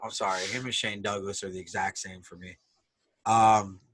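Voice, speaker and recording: A young man co-hosting a podcast, talking crudely and loudly and laughing often. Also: fairly low pitch, flat delivery, normal speed, husky, no echo. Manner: loud, profane, laughs often. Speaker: podcast co-host. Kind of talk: crude casual chat. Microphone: desk microphone.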